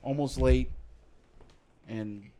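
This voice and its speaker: A man's voice: mid-range voice, very slow, mellow. A young man casually chatting as a podcast co-host, telling a profane story in a mock-indignant way. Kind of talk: casual chat.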